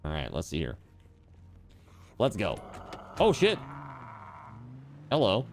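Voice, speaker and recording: A man's voice: low-pitched, wildly swooping pitch, takes it slowly, pauses often, soft background music. A man streaming a video game, chatting casually and teasingly with his viewers as he plays. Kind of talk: casual chat while gaming on stream.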